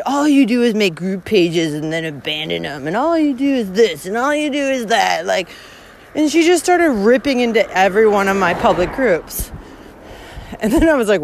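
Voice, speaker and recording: A woman's voice: mid-range voice, a little hiss or hum. A woman hiking vlogger talking casually and bluntly on the trail, swearing a lot and laughing often as she rants. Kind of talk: casual rant while walking.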